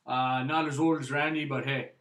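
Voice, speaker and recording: Canadian male host, casual rambling delivery, bright tone, roomy echo. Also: medium pitch, level tone, normal speed. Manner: chatty, rambling, frequent "eh" and "right". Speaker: music vlog host. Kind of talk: casual vinyl review.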